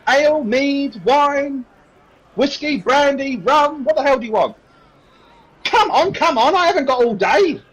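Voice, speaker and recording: A man's voice: very high voice, expressive, measured pace, fairly bright tone, voice pushed up, exaggerated voice, low-quality recording. A man voicing an impatient, bossy female tavern barmaid. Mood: impatient, snappy.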